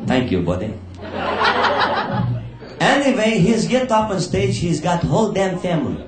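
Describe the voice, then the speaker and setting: Man telling rough jokes in broken English. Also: high voice, big pitch swings, unhurried, over loud music. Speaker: stand-up comedian. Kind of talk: live stand-up storytelling. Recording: noisy live recording.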